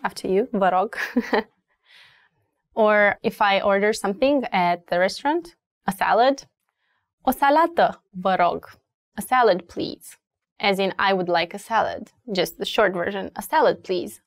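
A Romanian woman with a Romanian accent, teaching travel phrases slowly and repeating each one for learners. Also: mid-range voice, no echo, clean studio sound. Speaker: language teacher. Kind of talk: language lesson.

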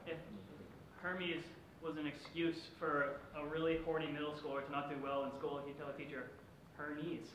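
A man improvising puns on stage, with halting fillers between them. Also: fairly high pitch, flat delivery, a crowd in the background. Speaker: improv performer. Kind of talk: live improv pun game. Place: performance room with a live audience. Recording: echoey room with background noise.

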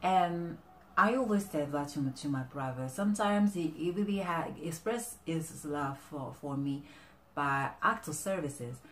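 A woman talking casually to camera with relationship advice, animated and halting, often restarting her sentences. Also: low-pitched, roomy sound, slight background noise. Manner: animated, often acting out quoted exchanges. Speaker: vlogger giving relationship advice.

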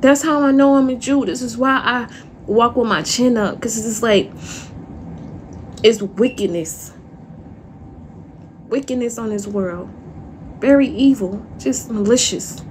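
A woman livestreaming an emotional monologue, upset and distressed, speaking haltingly, repeating phrases and trailing off into sighs. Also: fairly high pitch, slight background noise.

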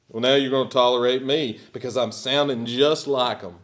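A man's voice: mid-range voice, steady tone, normal speed, a bit bright. A man preaching a sermon as pastor, emphatic and at times sarcastic.

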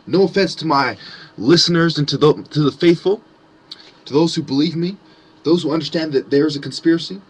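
A man delivers a furious monologue, full of swearing and mock-innocent sarcasm. His voice sits a touch high and sounds husky and rough-edged, as he swings between taunting and shouting at his target. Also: fairly quick. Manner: profane, sarcastic, mocking. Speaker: conspiracy commentator. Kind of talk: angry ranting monologue.

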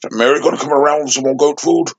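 A man's voice: a little high, steady tone, racing, highs cut off, close to an everyday voice. A man voicing a crude, swearing male goat puppet in a comedy skit, boastful and sing-song. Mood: cheeky. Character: foul-mouthed cheeky male goat puppet.

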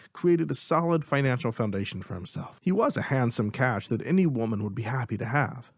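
A man reading a first-person audiobook in a steady, even storytelling delivery. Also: medium pitch, no room sound, studio quality. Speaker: audiobook narrator.

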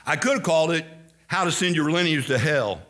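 This older pastor from Indiana has a slightly high voice and a mild Southern-sounding American accent. He preaches fairly quickly and emphatically, animated throughout and dropping in quoted asides.

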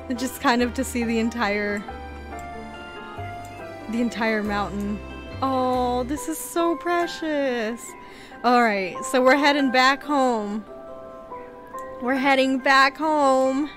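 A woman casually commenting on a game playthrough, excitable and giggly, gushing with exclamations. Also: high voice, extremely slow, pauses often, music in the background. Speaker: gaming channel host.

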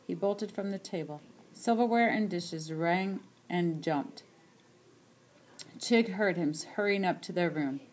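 A woman reading a short story aloud in a steady, quiet narrating voice. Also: on the low side.

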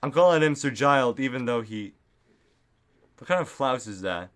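A man's voice: medium pitch, measured pace, pauses often, a bit bright. A man vlogging into a desktop microphone at home, rambling goofily with lots of fillers and sudden silly outbursts. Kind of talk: casual rambling monologue. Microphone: desktop studio microphone.

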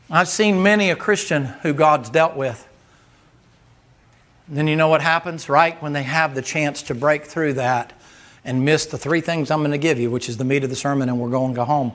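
A man's voice: a little high, normal speed, a bit bright. A man preaching a sermon in a folksy, storytelling manner. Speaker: guest preacher.

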